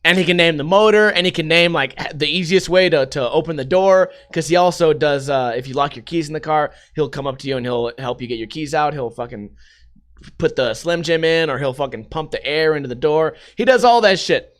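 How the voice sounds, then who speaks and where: A man's voice: on the high side, brisk, a bit bright. A young man with a profane, rambling comedic style, hosting a podcast and reading news stories aloud with running commentary. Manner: profane, rambling, acts out voices. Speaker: podcast host.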